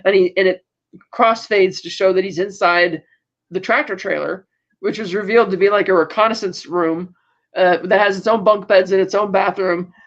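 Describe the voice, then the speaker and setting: A podcast co-host rambles casually through a TV episode recap, acting out characters' lines in quoted voices, with frequent fillers and self-corrections. The voice is medium-pitched and steady at a moderate pace, and the sound is lo-fi.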